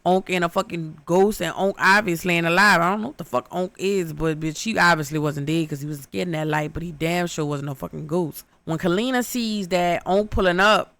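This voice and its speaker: A young woman recapping a horror movie in loud, brash, profane comedic storytelling. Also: fairly low pitch, fairly quick, hardly any pauses, no room sound.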